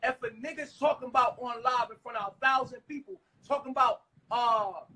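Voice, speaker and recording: A man ranting on a live stream, agitated and profane, now and then breaking into shouts. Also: very high voice, normal speed, hardly any pauses, slight background noise, low-quality recording. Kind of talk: heated live stream rant.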